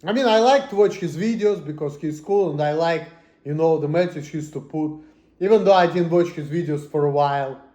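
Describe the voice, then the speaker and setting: A high-voiced man rants to the camera, cursing constantly. He swings between low muttering and sudden shouts. The room around him gives the voice a noticeable echo. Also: a little fast. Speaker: vlogger. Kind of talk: angry personal rant.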